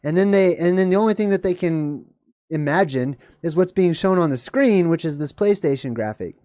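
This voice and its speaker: A livestream host giving rambling, digressive reaction commentary, laughing often and jumping suddenly up in pitch. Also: animated, normal speed, mellow, dry recording, studio quality.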